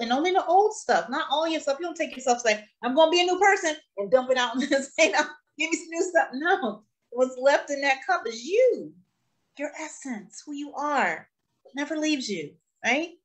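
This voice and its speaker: A woman host on a casual live stream, talking through spiritual ideas in a reflective way and greeting people in the chat. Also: on the high side.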